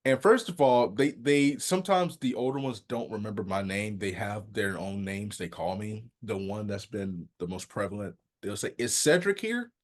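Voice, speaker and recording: A man co-hosting a podcast, telling funny stories in a lively, animated way. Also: fairly low pitch, moderate pace, few pauses. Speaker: podcast co-host. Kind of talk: casual chat, storytelling.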